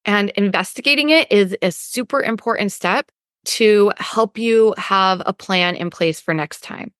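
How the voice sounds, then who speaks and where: A woman's voice: mid-range voice, unhurried, fairly bright tone, dry recording, studio quality. A woman hosting a podcast as a weight loss coach, talking casually with lots of fillers and acting out inner voices.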